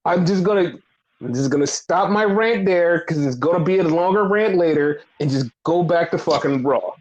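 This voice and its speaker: High-voiced man ranting profanely. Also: animated, moderate pace, rough recording. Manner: profane, heated ranting with repeated phrases. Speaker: wrestling podcast co-host. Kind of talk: casual ranting podcast chat.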